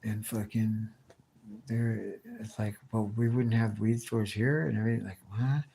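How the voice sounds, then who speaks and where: A man's voice: fairly low pitch, fairly even intonation, unhurried, gravelly, dark tone, a little hiss or hum. A man live streaming, chatting casually with his viewers and answering their comments in a rambling, slang-heavy, profane way with many restarts.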